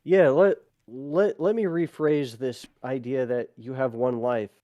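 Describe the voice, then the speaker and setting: Man, mellow voice, dry close sound, earnest, reads aloud and chats. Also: medium pitch, fairly even intonation, unhurried, no echo. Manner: earnest, laughs often. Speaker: podcast co-host. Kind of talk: reading aloud and casual discussion.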